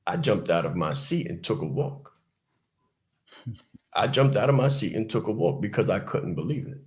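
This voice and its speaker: A man's voice: fairly low pitch, expressive, moderate pace, reverberant. A man hosting a podcast, telling a motivational personal story in an emphatic, repetitive way and speaking straight to his listeners. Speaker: podcast host.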